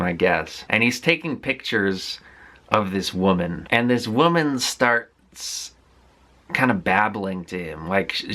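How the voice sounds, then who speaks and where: A man's voice: deep voice, pushed and bright. A man casually recapping a film he watched, rambling with frequent fillers and restarts in a candid, conversational way. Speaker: movie vlogger.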